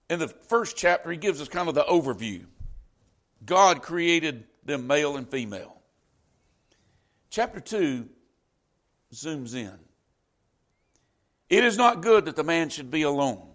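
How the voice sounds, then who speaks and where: Older man, preaching a sermon, earnest and emphatic, slightly high voice. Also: fairly bright tone. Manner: earnest, emphatic, quotes scripture.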